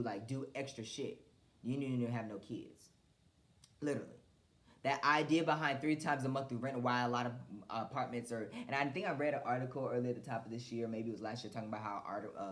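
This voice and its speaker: A young woman with a notably low-pitched voice, hosting her own podcast. She talks in a loose, casual monologue, venting bluntly and passionately with plenty of swearing. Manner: blunt, profane, impassioned venting. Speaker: podcast host.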